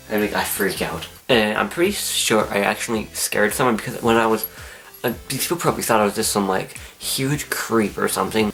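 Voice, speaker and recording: A teenage young man, telling a story to camera in an excitable, animated way. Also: fairly low pitch, brisk, vocal fry, faint music behind. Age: teens. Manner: excitable, animated, acts out his own screams and whispers. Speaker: vlogger.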